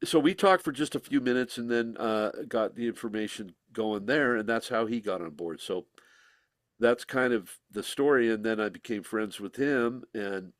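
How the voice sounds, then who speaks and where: A man telling stories as a guest in an interview, animated and laughing, slipping into voices when he quotes people. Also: lowish voice, normal speed, dry recording, studio quality. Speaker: musician guest. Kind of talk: casual storytelling interview.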